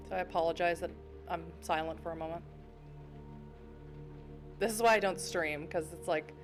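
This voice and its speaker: A woman streaming at home, reading a story game aloud and chatting in self-deprecating asides. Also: lowish voice.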